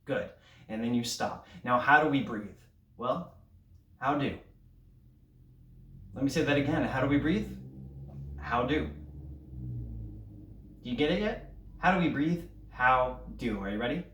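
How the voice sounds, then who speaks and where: A man's voice: mid-range voice, expressive, unhurried, long pauses, fairly bright tone, a little hiss or hum. A man teaching an elementary band lesson, leading breathing drills and counting aloud in an upbeat coaching way. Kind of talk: recorded online music lesson. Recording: roomy sound from a distance.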